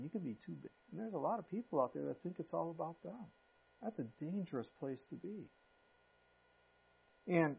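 A man in his fifties preaching a sermon in a relaxed, conversational way that jumps into emphatic bursts. His voice is slightly husky and a bit high for a man. The recording sounds muffled. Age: 50s. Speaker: pastor.

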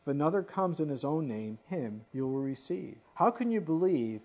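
Male pastor, fairly high voice, emphatic sermon delivery with lively asides; dull lo-fi recording. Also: normal speed. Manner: emphatic, rises to sudden animated asides. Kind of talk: expository sermon.

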